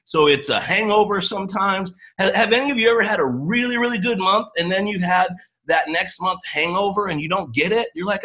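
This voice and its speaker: A man hosts a live boot camp session for his team, talking fast and excitedly and rambling from thought to thought. His voice sounds bright and forceful, with a touch of early-morning roughness. He jumps eagerly between topics. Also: high-pitched, low-quality recording. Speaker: host of a coaching boot camp. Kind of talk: upbeat livestream talk to a team.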